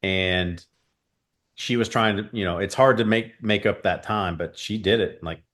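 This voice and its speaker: Low-voiced man as an earnest guest. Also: a little slow, fairly bright tone. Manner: rambling, filler-heavy, earnest. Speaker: guest, shooting coach. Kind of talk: casual interview chat.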